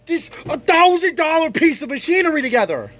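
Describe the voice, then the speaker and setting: High, lively young man ranting. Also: fairly quick, a little hiss or hum. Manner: exasperated, swears constantly, bursts into shouts. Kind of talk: profane rant to camera.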